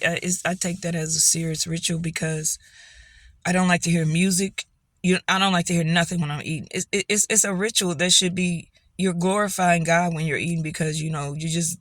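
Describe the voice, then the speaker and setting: This middle-aged woman's voice is lowish, creaky and a bit bright as she tells her viewers a meandering story. She laughs often and encourages them throughout this casual vlog monologue, recorded dry.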